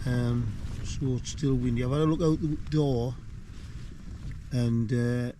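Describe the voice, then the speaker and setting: A man's voice: mid-range voice, steady tone, unhurried, dark tone. An older man chatting casually as he films his wild camp, rambling and poking fun at himself. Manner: rambling, self-deprecating, chatty. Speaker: wild camping vlogger. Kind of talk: casual outdoor vlog. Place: windy hillside campsite outdoors. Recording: wind noise outdoors.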